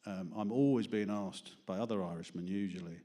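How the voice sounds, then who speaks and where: A man's voice: low-pitched, fairly quick, warm tone. A man with a London accent doing self-deprecating, rambling stand-up and poetry at an open mic before a small studio audience, laughing at his own jokes. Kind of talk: stand-up comedy and poetry reading.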